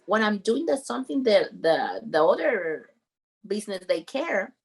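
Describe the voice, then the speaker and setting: Speaking English with non-native grammar, an earnest, animated woman, a podcast guest and roofing company founder, shares an emotional story in conversation. Her voice is medium-pitched and slightly rough, at a normal speed.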